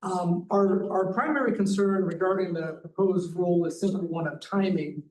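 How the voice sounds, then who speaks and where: A man delivers formal public comment to a council, his voice slightly high and his wording careful and precise. The recording picks him up from a distance in a roomy, echoing hall, with a faint hiss underneath. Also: darkish tone. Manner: measured, precise, reads statute text aloud. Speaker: advocacy director giving public comment. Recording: echoey, distant hall audio with faint noise.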